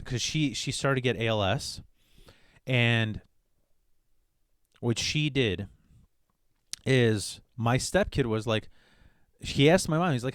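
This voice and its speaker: A man's voice: mid-range voice, dry recording, clean studio sound. Blunt, profane man hosting a podcast. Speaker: podcast host. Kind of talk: casual comedic monologue.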